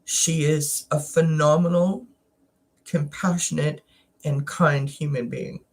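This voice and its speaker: A Canadian woman hosting a wellness chat, talking casually and emotionally about a personal experience, with frequent halting restarts and at times close to tears. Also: sits low, fairly even intonation, a little mellow, slightly rough. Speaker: wellness channel host.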